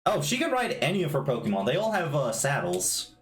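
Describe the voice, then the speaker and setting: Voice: mid-range voice, wildly swooping pitch, fairly quick. A game master narrating a tabletop game in a casual way, swearing freely and checking rules aloud.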